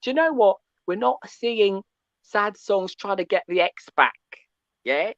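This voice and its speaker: A man's voice: sits high, animated, measured pace, fairly bright tone, no echo, lo-fi sound. A man calling in to a fan show, ranting and tagging his points with "yeah?". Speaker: caller. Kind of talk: call-in fan rant.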